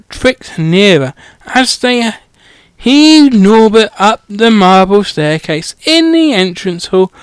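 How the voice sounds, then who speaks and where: A man's voice: high-pitched, smooth, no room sound. A man reading a comedic parody audiobook through a headset mic, irreverent and swearing, often stumbling over words. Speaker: audiobook reader.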